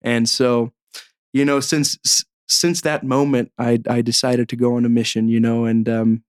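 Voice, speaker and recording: Earnest young man, flat steady voice. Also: mid-range voice, smooth, dry recording, clean studio sound. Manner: earnest, halting, many restarts. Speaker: guest. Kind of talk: personal testimony storytelling.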